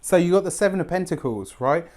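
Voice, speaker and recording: A man's voice: high-pitched, expressive, fast talker, darkish tone. Effusive man reading tarot cards. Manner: effusive, often tags lines with "right?"; emotionally open, near tears at times. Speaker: tarot reader. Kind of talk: weekly tarot reading to camera.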